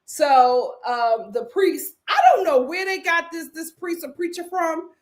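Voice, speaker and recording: A woman vlogger recapping a reality show in a casual, animated, slangy way, with ums and sudden bursts of laughter. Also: extremely high pitch. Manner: animated, chatty, swings between sighs and bursts of laughter; drawn-out slangy storytelling with filler ums. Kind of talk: casual commentary vlog.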